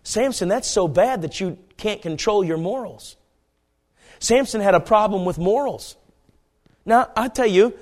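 A man preaching a fiery sermon, dropping to hushed murmurs and then shouting pleas as he acts out the story. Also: high voice, animated, unhurried. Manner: acts out Bible characters with voices.

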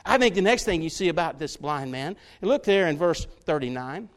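A man preaching a sermon to his church, folksy and direct with the congregation, often building to loud, fervent stretches. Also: on the high side, animated, fairly quick. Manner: folksy, talks straight to the congregation, builds to shouts.

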